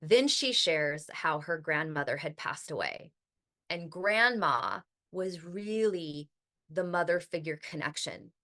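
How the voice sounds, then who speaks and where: Bright-voiced woman podcast host. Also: low voice, expressive, slow pace. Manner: chatty, heavy use of "like", occasional swearing. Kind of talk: casual podcast monologue.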